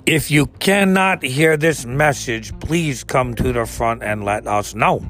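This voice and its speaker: A man's voice: fairly bright tone, faint music behind. A man mimicking a prim store intercom announcer. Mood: mock-polite. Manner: higher, slower, mock-polite.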